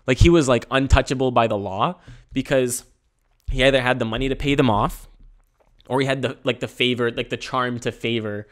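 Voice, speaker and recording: A man's voice: medium pitch, fairly even intonation, moderate pace. Solo podcast host, male, rambling, jokey and laid-back, mid-range voice. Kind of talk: casual solo podcast monologue.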